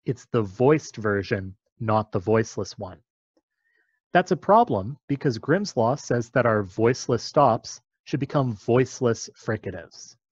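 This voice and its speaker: A man's voice: medium pitch, lively intonation, unhurried, slightly rough, no echo, muffled recording. A man explaining a topic step by step in a patient, methodical lecture.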